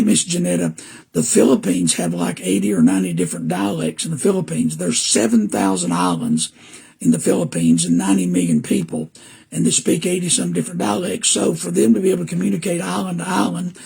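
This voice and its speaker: A man's voice: sits high, creaky, darkish tone, husky. An older man with a Southern US accent, a preacher whose voice is weak and damaged, talking earnestly and rambling a little as he greets listeners by name. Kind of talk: casual podcast talk to live viewers.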